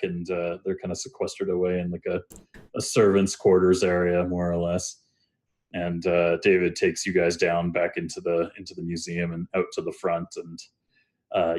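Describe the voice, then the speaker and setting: A man with a lowish voice narrating a tabletop game as game master. He rambles in a loose, laid-back way, stringing scenes together with plenty of uhs and likes. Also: a little mellow.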